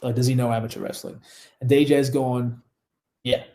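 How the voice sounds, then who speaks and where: A man's voice: mid-range voice, level tone, normal speed, gravelly, dark tone. A man with an Australian accent, a wrestler telling stories in a casual interview, rambling, laughing often and swearing freely. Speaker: guest wrestler.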